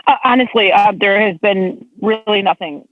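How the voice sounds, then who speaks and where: A woman's voice: moderate pace, no echo. A woman, a state legislator, chatting as a guest and telling stories with big swings in her voice. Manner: animated storyteller, big pitch swings. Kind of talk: casual chat. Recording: tinny phone-like line.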